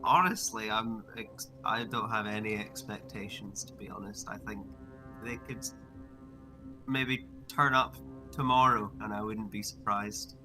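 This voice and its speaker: A man voicing an unfazed male veteran soldier who speaks in a slow, musing way. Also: lowish voice, lively intonation, gravelly, bright, forceful tone, faint music behind, full character voice, rough recording.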